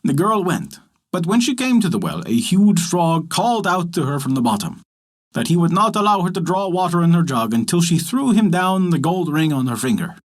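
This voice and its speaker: Husky, lively male storyteller. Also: fairly high pitch, moderate pace. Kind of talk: scripted storytelling narration.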